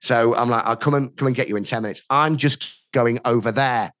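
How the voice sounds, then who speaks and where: A man's voice: mid-range voice, fairly quick, no room sound, studio quality. A middle-aged man, a radio DJ and podcast guest, telling anecdotes and acting out other people's lines with bursts of laughter. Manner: animated, acts out quoted dialogue with laughs. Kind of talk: anecdotal storytelling.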